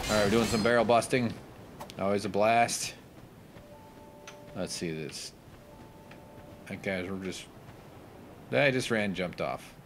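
Crude, sarcastic low-voiced gamer man. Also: background noise. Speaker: gameplay commentator. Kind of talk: casual let's play commentary.

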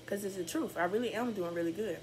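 A woman's voice: mid-range voice, quick pace, a little mellow, a little hiss or hum, poor audio. A young woman talking casually to camera for her vlog, chatty, candid and upbeat. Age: young adult. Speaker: vlogger.

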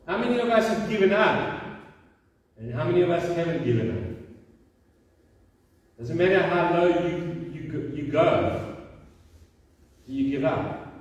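A man's voice: high voice, expressive, unhurried, long pauses. A middle-aged male pastor preaching a sermon in a conversational way, asking the room questions and restarting his sentences. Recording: echoey hall from far off.

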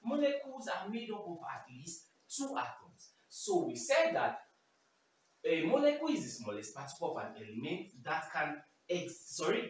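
A chemistry teacher gives a simplified lesson, repeating each key term and checking in with "okay?". The pitch swings up and down a lot. The voice sounds distant in a very echoey room, with faint noise behind it.

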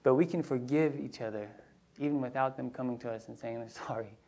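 A man's voice: medium pitch, brisk, creaky, darkish tone. A male pastor preaching a conversational sermon, telling personal stories with casual asides and restarts. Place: church sanctuary.

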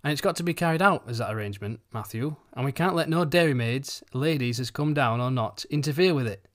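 A man voicing a sharp, fussy older farmer's wife who talks insistently and pitches up for emphasis. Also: fairly quick, natural voice.

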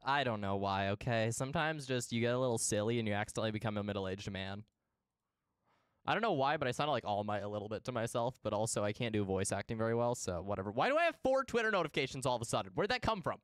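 Young male game streamer, silly and chatty, clean resonant voice, mid pitch. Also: expressive, fast talker, a bit bright, clean tone, no echo, studio quality. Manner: playful and silly, greeting chat in bursts. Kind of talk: casual live-stream chat.

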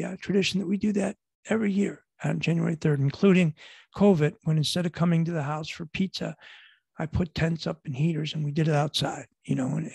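A man's voice: sits high, darkish tone, no room sound. A middle-aged man from Buffalo, New York, with a Western New York accent, telling a heartfelt personal story as a guest speaker, rambling and repeating himself earnestly. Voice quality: gravelly, husky voice.

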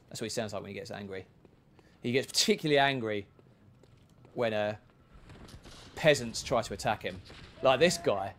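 Casual gamer narrating his play, lively swings in pitch, mid-range voice, chatty and self-mocking. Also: normal speed, pauses often. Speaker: gaming video creator. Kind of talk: casual gameplay commentary.

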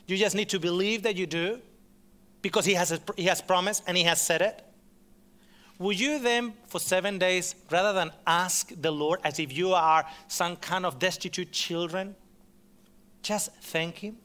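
A man preaching a sermon to a gathered audience, impassioned, repeating his phrases and swinging between loud and hushed delivery. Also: high voice.

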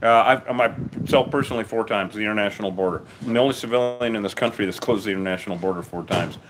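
A man who runs a bee removal business, livestreaming from a busy town street in a profane, rambling, excitable way. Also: on the low side, quick pace. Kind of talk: casual livestream narration on site. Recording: noisy outdoor street recording.

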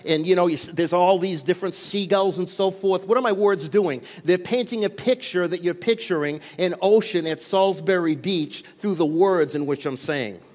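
Preaching from the sanctuary, this pastor keeps drawing amens from his congregation between points. His high voice is a little mellow, moving at a moderate pace with hardly any pauses, and the church hall adds a long reverb.

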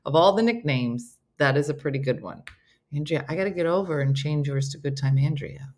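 Lively comedy morning show host woman. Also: deep voice, brisk. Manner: reads listener stories aloud with playful banter.

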